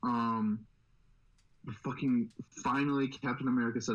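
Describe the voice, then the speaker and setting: A young man co-hosting a podcast in casual chat, swearing constantly and rambling excitedly. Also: fairly low pitch, fairly quick, lo-fi sound. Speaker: podcast host.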